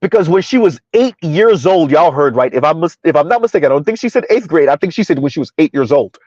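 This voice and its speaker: A man's voice: on the high side, lively intonation, quick pace, a little mellow, dry recording, muffled recording. A man hosting a casual commentary stream, arguing in rhetorical questions, throwing in "right?" and "huh?", and answering viewer chat. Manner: rhetorical, repeats "who would have ever thought" and "right? huh?"; talks about himself in third person. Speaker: commentary host.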